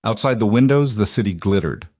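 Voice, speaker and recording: A man narrating a dramatic story in an even, measured way. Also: fairly low pitch, dry recording, clean studio sound.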